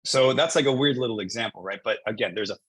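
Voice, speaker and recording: Husky low-voiced man in his thirties. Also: fast talker, fairly bright tone, no echo, poor audio. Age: 30s. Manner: storytelling with many fillers and restarts. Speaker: coach. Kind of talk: casual coaching conversation.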